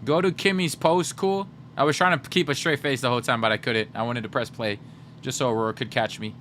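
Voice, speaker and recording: Bright-voiced joking young streamer man. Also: medium pitch, brisk, slight background noise. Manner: joking, animated, teasing. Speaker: livestream host. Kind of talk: casual livestream chat to viewers.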